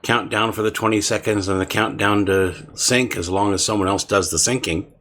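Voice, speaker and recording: A man's voice: fairly low pitch, fairly even intonation, normal speed, fairly bright tone. A man co-hosting a podcast, chatting casually and cracking jokes before the show. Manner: wisecracking, rambling. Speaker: podcast co-host. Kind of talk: casual pre-show chat.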